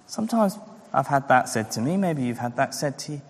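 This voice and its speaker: A man's voice: medium pitch, sing-song, fairly quick, breathy edge. A man preaching a sermon, earnest and full of rhetorical questions, acting out the voices he quotes. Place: church. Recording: long hall reverb.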